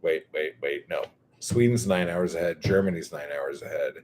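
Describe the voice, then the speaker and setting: A man with a Californian accent chatting casually on a livestream, drawing his words out slowly, swearing freely and rambling as he reads chat aloud. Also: deep voice, a little mellow, a little hiss or hum. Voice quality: slow, drawn-out surfer-dude drawl.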